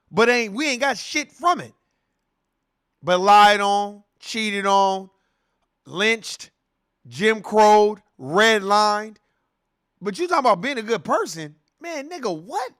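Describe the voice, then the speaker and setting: A man hosting an online show, giving animated, profane commentary with a sing-song delivery. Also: high voice, dry recording, studio quality. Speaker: host. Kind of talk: profane commentary on video clips.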